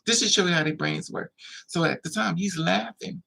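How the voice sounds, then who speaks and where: A man hosting a livestream, telling a personal story in a casual, animated way and acting out the voices of the people in it. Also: high voice, moderate pace, vocal fry, poor audio. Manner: animated, acts out quoted voices.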